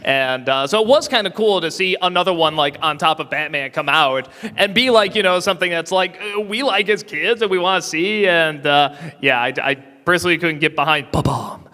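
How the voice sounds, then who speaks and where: A man hosting a convention panel, chatting casually and joking with audience members. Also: high voice. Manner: animated, joking, quick interjections. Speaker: panel host. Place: convention hall. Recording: hall reverb.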